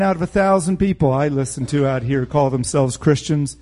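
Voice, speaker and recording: A man's voice: fairly high pitch, brisk, hardly any pauses, mellow. A man preaching a verse-by-verse Bible teaching sermon in a blunt, emphatic way, with sarcastic asides.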